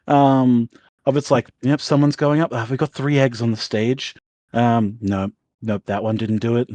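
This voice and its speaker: Game master, male, mid-pitched, loose rambling narration on a dry close mic. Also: a little mellow, no room sound. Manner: rambling, filler-heavy, laughs often.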